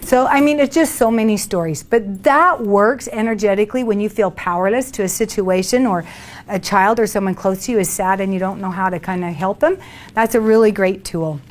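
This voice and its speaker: A workshop leader tells stories to a small group in a chatty, animated, brisk way, laughing with the room as she acts out things she once said. Her voice is in the middle range.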